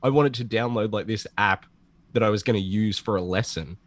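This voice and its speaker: A man co-hosting a podcast, telling a story in casual chat with lots of swearing and an animated delivery. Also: fairly low pitch, a little fast, no echo. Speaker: podcast co-host. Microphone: home computer setup over a call.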